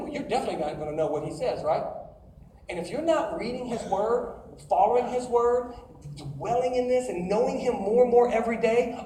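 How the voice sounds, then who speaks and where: A man's voice: very high-pitched, warm tone, far from the mic, a little hiss or hum. Man preaching to a crowd in an echoey room. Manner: emphatic, calls out to the crowd with questions. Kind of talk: sermon. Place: large room with an audience.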